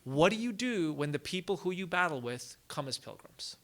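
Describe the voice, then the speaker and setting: A man from the United States giving a public lecture at a college, telling a story in a casual, animated way with frequent "like" asides. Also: fairly high pitch, moderate pace. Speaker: guest lecturer.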